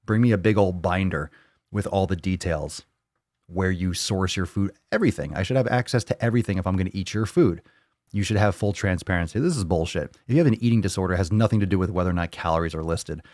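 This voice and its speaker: A fast-talking man with a low, darkish voice hosts a live fitness Q&A from home over video call, ranting casually with blunt, fired-up profanity. The audio is studio quality with no room sound.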